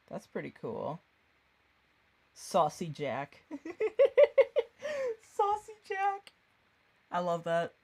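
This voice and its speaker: A woman's voice: fairly low pitch, fairly bright tone. A woman streaming a game, chatting casually and rambling, often distracted. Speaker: gaming streamer. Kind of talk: casual chat while gaming.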